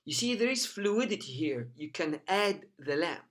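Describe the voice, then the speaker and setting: A man with a bright, forward voice gives a lesson, saying each sound again and again so learners can copy it. His first language is Arabic. He stays patient and careful, and at times his voice sinks low and soft. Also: sing-song, normal speed. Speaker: teacher.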